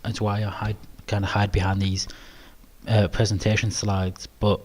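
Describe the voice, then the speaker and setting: British male webinar host, lowish flat voice, halting and self-effacing, lots of ums. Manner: hesitant, many ums and restarts; modest, self-deprecating. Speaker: webinar presenter. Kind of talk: live webinar Q&A.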